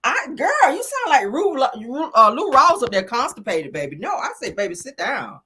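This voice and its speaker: Woman, gossip commentary host, brash and profane, lively swooping voice, fairly high. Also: normal speed, breathy edge. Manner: brash, profane and animated, calls the audience "child" and "honey".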